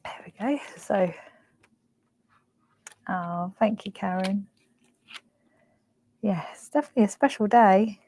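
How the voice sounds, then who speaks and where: A young woman runs a craft live stream with casual, emotional chat, gushing softly and leaning on fillers. She talks at a medium pitch and slow pace with long pauses, captured on a rough recording.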